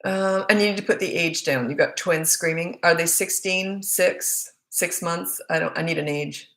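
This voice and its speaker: Reading out and responding to viewer comments during a casual live Q&A, this Australian woman, a parenting coach, speaks bluntly. Her voice is on the low side and a bit bright, at a moderate pace, with a roomy echo around it.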